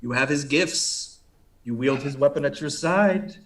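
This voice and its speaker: Man voicing a cult priest, sinister, low, slow, menacing, tabletop game. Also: a bit bright. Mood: falsely welcoming.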